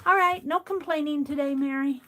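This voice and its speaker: A woman's voice: sits high, a little fast, pushed and bright. A woman hosting a craft livestream, chatting casually and rambling to herself as she works. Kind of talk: casual chat while crafting.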